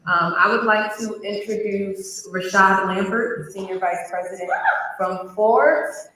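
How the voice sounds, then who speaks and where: A person emceeing a live event, upbeat as they thank panelists and bring up guests. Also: female voice, medium pitch, fairly even intonation, a little slow, pushed and bright. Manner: upbeat, thanking and introducing speakers. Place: large hall at a community college. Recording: very echoey hall with crowd and some noise. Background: faint crowd and ambient noise.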